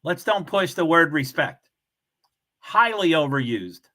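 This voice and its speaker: A man's voice: fairly high pitch, very animated, a little slow, pushed and bright. A man hosting a casual livestream, chatting with viewers and reading their comments aloud in a blunt, offhand way. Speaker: livestream host.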